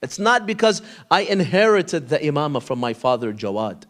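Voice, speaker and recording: A man telling a story in a sermon, animated, acting out the dialogue between the people in it. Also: fairly high pitch, normal speed. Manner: animated storyteller, acts out dialogue in quoted voices. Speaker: preacher. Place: mosque hall.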